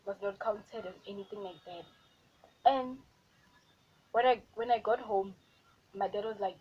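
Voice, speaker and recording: A woman's voice: medium pitch, a little mellow, muffled recording, slight background noise. A young South African woman with a South African accent, telling a storytime vlog in a chatty, repetitive, exasperated way. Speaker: vlogger.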